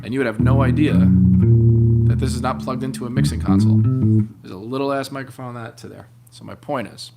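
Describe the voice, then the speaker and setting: A bassist in his late thirties hosts a live stream, chatting in a rambling, laid-back way and swearing plenty. His creaky voice moves a little fast, picked up by an open-air room mic over loud music and bass playing.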